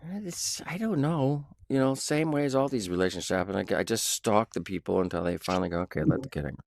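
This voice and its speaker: A man in his sixties, an actor, telling animated stories in an interview, acting out quoted voices and humming tunes. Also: on the low side, fast talker, creaky, no echo, clean studio sound. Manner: animated anecdotes with sung sounds and quoted voices. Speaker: actor guest. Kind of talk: storytelling interview.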